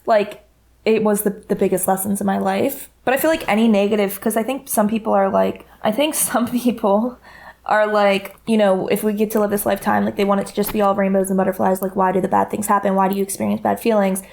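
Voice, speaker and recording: A woman's voice: mid-range voice, steady tone, fast talker, vocal fry, a little mellow. A young woman co-hosting a podcast, chatting casually and telling stories with frequent laughter. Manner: laughs a lot, playful storytelling. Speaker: podcast co-host. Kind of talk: casual chat.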